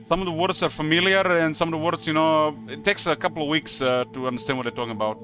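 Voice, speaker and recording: Bright-voiced Croatian-accented man chatting. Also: a little high, fairly even intonation, quick pace, faint music behind. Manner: rambling, hesitant, many fillers. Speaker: live streamer. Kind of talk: casual chat while gaming.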